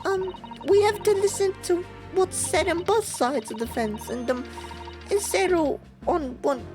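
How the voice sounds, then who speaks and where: A man voicing a hesitant jury member in a high falsetto, halting with fillers. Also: music in the background. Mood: unsure.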